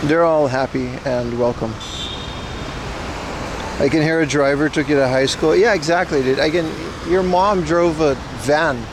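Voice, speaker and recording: A livestream host in his thirties rides his bike through city streets, talking casually, rambling and taking questions from chat. He has a rather high voice at a moderate pace, with background noise present.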